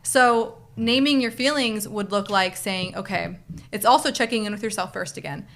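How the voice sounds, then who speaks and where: A woman's voice: medium pitch, normal speed, a bit bright. A young adult woman, a podcast guest, explaining things earnestly and step by step in casual conversation.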